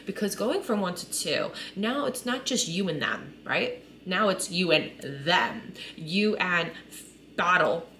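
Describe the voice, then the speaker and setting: A mother in her thirties opens up to the camera in an emotional, conversational vlog, frequently saying "like" and "right?". Her voice is fairly low, expressive and slow, with a bright, forceful tone and slight background noise.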